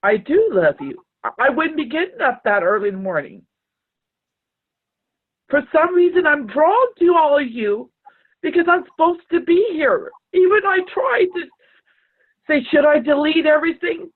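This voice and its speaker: A woman sharing personal struggles on a video call, earnest and halting, close to tears. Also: sits high, big pitch swings. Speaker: group participant. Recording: tinny phone-like video call audio.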